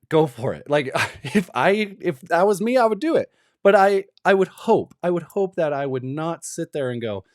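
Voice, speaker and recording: A man's voice: mid-range voice, no echo. Man ranting on a dry mic. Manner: ranting, emphatic, rambling. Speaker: commentary vlogger. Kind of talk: opinionated commentary.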